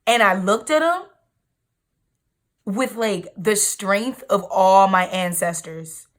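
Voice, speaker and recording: A woman's voice: medium pitch, takes it slowly. Emphatic young woman telling a story. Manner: emphatic, slangy, animated storytelling. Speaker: vlogger. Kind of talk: storytime vlog.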